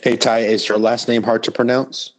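A man's voice: medium pitch, level tone, moderate pace, low-quality recording. A man co-hosting a casual chat, making dry, teasing jokes. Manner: dry teasing sarcasm with laughs. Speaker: podcast co-host. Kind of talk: casual banter.

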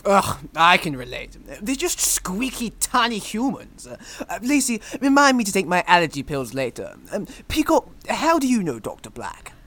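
A woman's voice: medium pitch, big pitch swings, normal speed, few pauses, a bit bright. A woman playing a pompous bumbling detective. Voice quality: pompous, blunt, self-important. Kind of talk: comedy audio drama acting.

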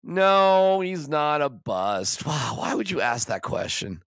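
A man's voice: fairly high pitch, very animated, slow pace, fairly bright tone, clear, resonant tone, no room sound, clean studio sound. A man hosting a sports podcast, ranting in an exasperated, emphatic way with stammering restarts. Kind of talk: casual sports rant.

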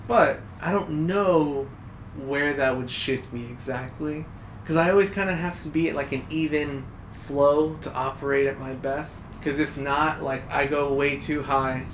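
A man's voice: medium pitch, fairly even intonation, normal speed, a bit bright. A young man in casual chat, talking in a laid-back, reflective way with some swearing. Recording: roomy sound, faint hum.

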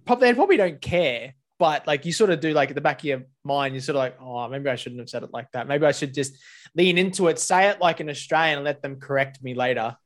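A man's voice: fairly high pitch, expressive, quick pace. A man with a New Zealand accent chatting casually on a podcast, joking loosely and swearing. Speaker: podcast co-host. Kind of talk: casual chat.

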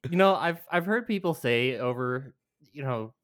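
Brief: casual male podcast host, rambling and profane, with a very lively, swooping delivery. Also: mid-range voice, moderate pace, no echo, clean studio sound. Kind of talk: casual chat.

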